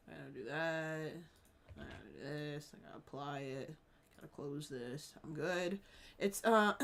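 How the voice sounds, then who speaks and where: A woman streaming live, chatting casually with her viewers, swearing freely and laughing often. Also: on the low side.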